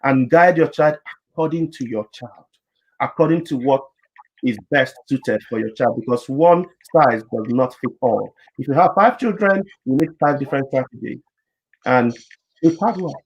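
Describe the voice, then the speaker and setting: A man's voice: medium pitch, lively intonation, moderate pace, a little mellow, husky, highs cut off. A man speaking as a panelist and therapist in a panel discussion, earnest and explanatory, often repeating words as he builds his point.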